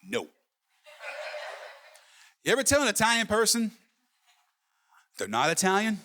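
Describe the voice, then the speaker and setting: Here the middle-aged comic has a high-pitched voice with huge swings in pitch, speaking a little slowly over a noisy background. He works a comedy club stage with a live crowd, telling brash, profane stories full of "right?" asides.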